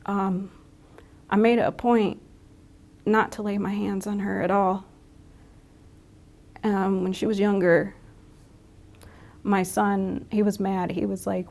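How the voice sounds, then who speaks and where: Halting, gravelly-voiced middle-aged woman. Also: mid-range voice, little pitch movement, darkish tone. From Michigan. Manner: halting, reflective, with frequent restarts. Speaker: interviewee. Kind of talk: candid interview.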